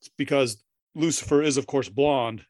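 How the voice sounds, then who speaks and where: A man's voice: mid-range voice, moderate pace, a little mellow, dry recording. A man co-hosting a casual podcast, playful and jokey, tossing in theatrical asides. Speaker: podcast co-host. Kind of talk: casual chat.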